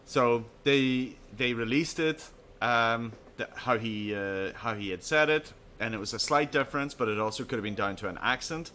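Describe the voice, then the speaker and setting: Guy on a chat podcast, bright punchy voice, acts out the quotes, bit of hiss. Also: medium pitch, moderate pace, few pauses. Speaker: podcast co-host. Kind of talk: casual chat, storytelling.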